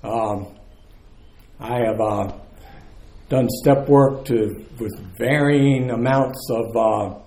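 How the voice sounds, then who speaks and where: A man's voice: medium pitch, takes it slowly, long pauses, dark tone, reverberant. A man, telling his recovery story to a live meeting in a candid, earthy, conversational way. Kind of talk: personal testimony to a live audience.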